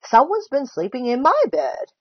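A woman's voice: high-pitched, wildly swooping pitch, normal speed, no echo, lo-fi sound, pitched above the performer's own voice, exaggerated voice. Woman doing a bellowing panda dad. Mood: indignant. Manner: bellowing, indignant. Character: gruff panda father.

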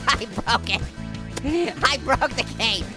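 A squeaky giggling cartoon gamer. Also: male voice, drawn-out words, loud music behind the voice, heavily acted. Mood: giddy. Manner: giggles constantly, excitable squeals. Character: giggly earless cartoon gamer character, hyper and silly. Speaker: gaming host. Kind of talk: comedic gameplay commentary.

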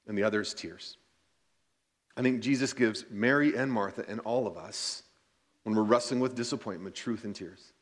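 A pastor reading scripture aloud in church and reflecting on it in an earnest sermon, slowing down to stress key points. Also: male voice, fairly low pitch. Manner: earnest, reads scripture then reflects, slows for emphasis.

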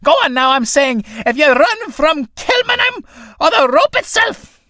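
A man voicing an enraged older priest in a play reading, shouting shrill threats. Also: lively intonation, moderate pace, dry recording, clean studio sound. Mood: furious.

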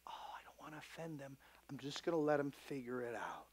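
A man playing a soft-spoken, overly permissive parent, mocking the figure in a breathy, hushed voice as part of a sermon. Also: mid-range voice, animated, brisk, close to an everyday voice. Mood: mocking coddling.

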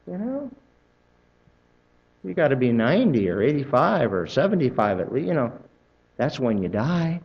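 Male pastor, church sermon, lively swooping delivery, conversational, acts out chatty voices. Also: a little high, moderate pace, dull audio. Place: church sanctuary.

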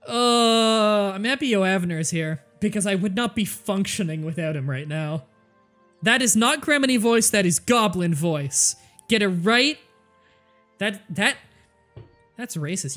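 A woman streaming a strategy game, joking, swearing freely and thinking aloud, with faint music behind. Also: mid-range voice. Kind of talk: casual gameplay livestream commentary.

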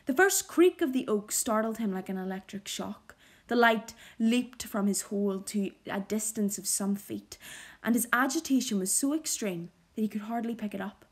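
Woman teacher, reading a novel aloud, measured, expressive, explaining the story, mid pitch.

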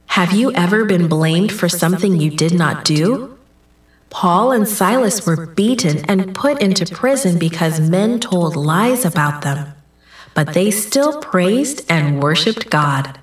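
A woman telling a Bible story to children in church, reading slowly and clearly. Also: fairly low pitch, expressive. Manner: slow, clear storytelling for kids. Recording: roomy, distant microphone.

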